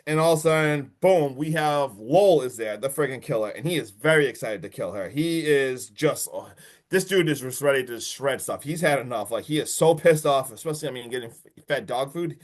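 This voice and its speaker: A man co-hosting a podcast, recapping a movie in a casual, excited way with lots of swearing and fillers. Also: mid-range voice, a little fast. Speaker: podcast co-host.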